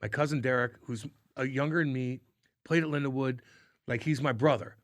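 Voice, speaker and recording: A man co-hosting a podcast, telling stories in casual chat, swearing a lot and acting out what people said with loud bursts. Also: medium pitch, fairly quick, no echo. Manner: animated storyteller, acts out quotes loudly, swears often. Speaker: podcast co-host.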